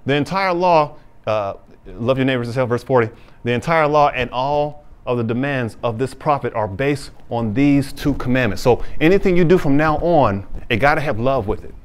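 A man's voice: mid-range voice, expressive, clear, resonant tone. Man preaching a casual, plainspoken sermon. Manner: conversational preaching, reads scripture slowly then explains in plain talk; casual informal phrasing. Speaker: pastor.

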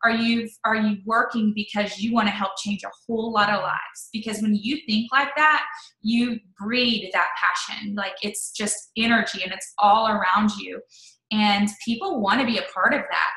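A woman in her thirties, an interview guest telling a personal story in a chatty, animated way. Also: mid-range voice, moderate pace. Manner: chatty, animated, full of "like" and quoted asides. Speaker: network marketing leader, interview guest. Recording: echoey room.

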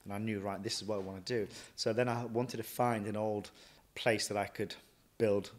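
A man, a chef and restaurant owner, telling stories from his career in a lively way, often acting out what he thought and said. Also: on the low side, moderate pace. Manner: lively anecdotal, quotes himself often. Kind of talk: casual interview storytelling.

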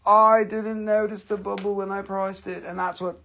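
A man with an Appalachian American accent hosting a casual live crystal sale, chatty and excitable, swearing and reading out buyer claims. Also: sits high, normal speed, gravelly. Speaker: live-stream crystal seller.

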